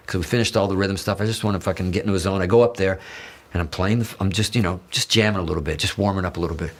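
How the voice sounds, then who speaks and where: Male interview guest, low-pitched, casual storyteller; swears a lot, restarts sentences, voices quoted dialogue. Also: rapid-fire. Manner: animated, profane, restarts often, acts out quoted dialogue.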